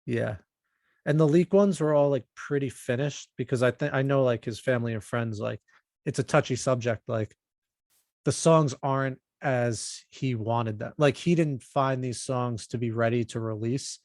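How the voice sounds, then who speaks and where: A man's voice: mid-range voice, normal speed, darkish tone, dry recording, studio quality. A man co-hosting a podcast in casual, upbeat chat, with a self-joking manner. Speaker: podcast co-host.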